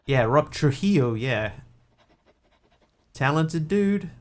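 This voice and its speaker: Speaking slowly but animatedly in a slightly high voice, a man plays a game on stream. He mutters counts of items, reasons out loud and talks easily with his audience.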